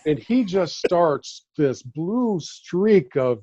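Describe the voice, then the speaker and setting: A man in his fifties, a former beat reporter, telling animated stories on a podcast and acting out the voices of the people in them. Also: fairly high pitch, a little slow, dry recording. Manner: animated anecdotes, acts out quoted voices. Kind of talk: casual storytelling chat. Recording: dull lo-fi audio.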